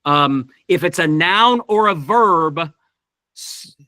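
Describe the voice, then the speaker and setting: Slow, bright-voiced man teaching verse. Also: high voice, dry recording. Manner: digressive, many restarts, thinks aloud. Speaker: director leading a verse workshop. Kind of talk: teaching talk on Shakespeare verse. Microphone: video call.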